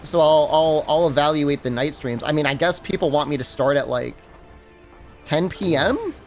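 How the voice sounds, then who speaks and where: Streamer, casual gaming chat, rambly and animated, lots of fillers, soft music underneath. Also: medium pitch, moderate pace. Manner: rambling, many fillers and restarts, laughs at own stories. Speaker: game streamer.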